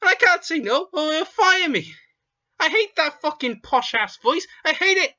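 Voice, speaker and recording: A man's voice: very high voice, expressive, moderate pace, sharp tone, exaggerated voice. A man voicing a foul-mouthed, grumpy Liverpudlian petty crook who rants and calls himself by name, heard over muffled lo-fi audio. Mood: ranting. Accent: Scouse. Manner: constant swearing, ranting, refers to himself by name.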